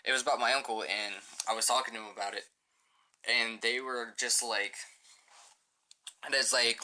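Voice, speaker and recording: A man's voice: lowish voice, steady tone, fast talker, bright, forceful tone. A young man rambling profanely through a casual storytime as a gaming channel host, full of filler words.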